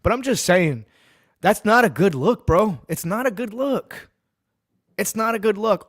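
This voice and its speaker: A man's voice: high voice, expressive, a little slow, no room sound, studio quality. A man from Massachusetts hosting a sports podcast, ranting bluntly and profanely and hammering his points home by repeating them.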